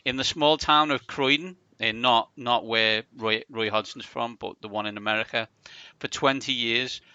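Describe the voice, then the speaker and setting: A man hosts a casual podcast with a very bright, crisp voice. He jokes, laughs often and reads odd news stories aloud with playful asides. The sound is dry and close. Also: mid-range voice, no room sound, muffled recording. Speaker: podcast host.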